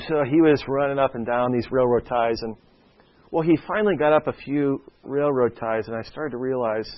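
A man's voice: medium pitch, moderate pace, some chatter behind. A man preaching a sermon in a conversational, storytelling way, often checking in with his listeners by asking "okay?". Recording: dull lo-fi sound.

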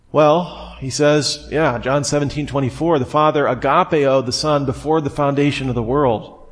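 A man preaching a sermon in a relaxed, conversational way, full of everyday fillers and asides. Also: a little high.

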